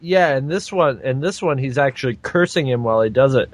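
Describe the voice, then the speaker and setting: A man's voice: medium pitch, expressive, brisk, no room sound. A man in casual chat, chiming in with jokey comments and asides.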